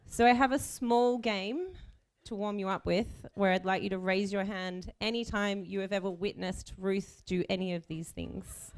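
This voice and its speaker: An Australian woman in her thirties giving a chief bridesmaid's wedding speech, nervous but joking and self-mocking. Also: medium pitch.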